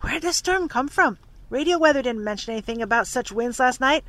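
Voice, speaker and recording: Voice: high-pitched, lively intonation, a little fast, voice pushed up. A reader voicing an alarmed young crewman. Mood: puzzled. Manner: shouts in alarm.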